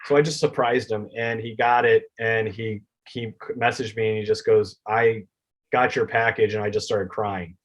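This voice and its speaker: A man's voice: lowish voice, steady tone, normal speed. A man being interviewed as a children's book author, telling heartfelt stories and acting out the conversations he quotes. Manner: heartfelt, acts out quoted exchanges.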